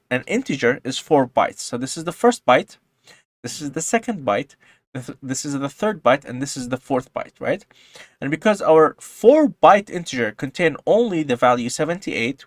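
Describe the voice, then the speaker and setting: A man giving a casual coding tutorial, explaining calmly and then breaking into loud, excited outbursts, with frequent swearing. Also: mid-range voice, no room sound. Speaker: programming tutorial host.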